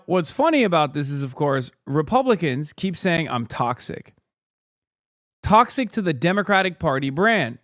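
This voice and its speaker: A male streamer with a high voice talks through a live stream in a mocking, sarcastic way. The sound is dry and close, with no room around him. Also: a bit bright, dry recording.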